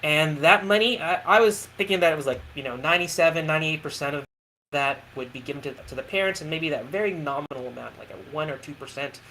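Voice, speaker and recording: Bright-voiced male podcast host. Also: on the high side, quick pace, slight background noise, low-quality recording. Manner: earnest, speaks with many restarts. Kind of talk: casual interview chat.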